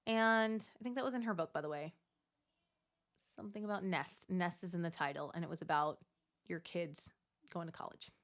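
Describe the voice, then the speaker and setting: Animated woman coaching moms. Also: normal speed, long pauses. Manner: animated, acts out inner self-talk with big pitch jumps. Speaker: Catholic mom coach. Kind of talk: casual advice monologue to camera.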